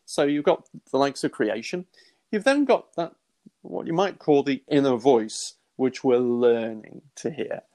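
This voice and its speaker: A middle-aged man teaching in an earnest, conversational way, acting out quoted thoughts with lively exclamations and frequent restarts. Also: mid-range voice, a little slow. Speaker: Christian teacher.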